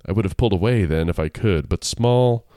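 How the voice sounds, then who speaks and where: Guy reading a spooky story on a podcast, low voice, dry close sound. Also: brisk, mellow, no echo. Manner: reads aloud with playful asides and laughter. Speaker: podcast co-host. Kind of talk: casual chat and story reading.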